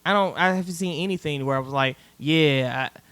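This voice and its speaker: A man in casual podcast chat, mostly chiming in with short agreeing replies and quick jokes. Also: a little high, fairly bright tone, clear, resonant tone, no echo.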